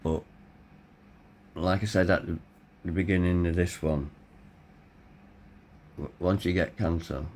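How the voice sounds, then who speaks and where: A middle-aged man telling his own story in a blunt, candid way, swearing freely, his voice tired and hoarse. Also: deep voice, steady tone, measured pace, long pauses, darkish tone, a little hiss or hum. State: hoarse, voice tiring. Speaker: vlogger. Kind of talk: personal storytelling.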